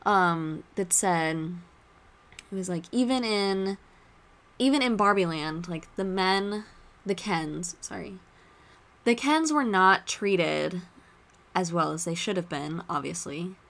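A woman hosting a podcast, chatting casually and retelling movie scenes with lively asides. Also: fairly low pitch, takes it slowly, creaky. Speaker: podcast host.

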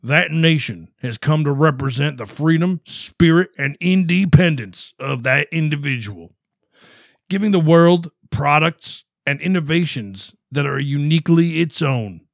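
A man's voice: fairly high pitch, animated, a little slow, vocal fry, no room sound, clean studio sound. A man putting on a redneck voice to read a whiskey label as a brash, swearing patriot. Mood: bombastic.

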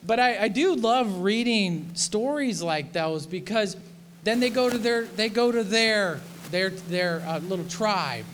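A male pastor preaches with a voice that sits noticeably high for a man. He delivers the sermon in an animated way, acting out the people in his stories and often restarting his sentences.

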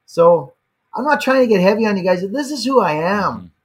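A Canadian man with a fairly high, husky voice. He talks earnestly and often doubles up on words as he gets going. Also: expressive, normal speed. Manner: earnest, repeats words as he starts sentences. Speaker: guest, YouTuber. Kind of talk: casual conversation.

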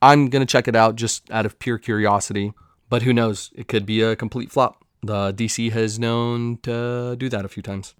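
A man's voice: mid-range voice, fairly even intonation, normal speed, smooth, no room sound, clean studio sound. A man hosting a solo podcast in a casual chat, loose and profane, with jokey asides. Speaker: podcast host. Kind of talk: casual solo podcast chat about comics and film news.

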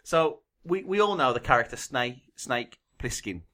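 A man's voice: mid-range voice, lively intonation, moderate pace, a loud crowd. A man co-hosting a casual podcast chat, rambling and repeating words while he thinks. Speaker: podcast co-host.

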